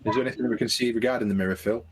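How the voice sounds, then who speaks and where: A man's voice: medium pitch, fairly even intonation, racing, breathy edge. A man playing a tabletop game, asking questions casually. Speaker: player.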